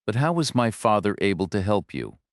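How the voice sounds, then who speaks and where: A man's voice: on the low side, sing-song, brisk, dry recording, studio quality. A man voicing a determined young woman lawyer, earnest and persistent in her questions.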